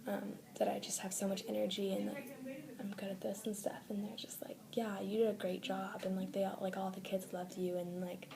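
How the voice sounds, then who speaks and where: A woman's voice: mid-range voice, flat delivery, fairly quick, creaky, a loud crowd. A teenage girl vlogging, telling a long personal story in a casual, rambling way with many fillers, often dropping to a whisper. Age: teens. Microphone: phone or webcam.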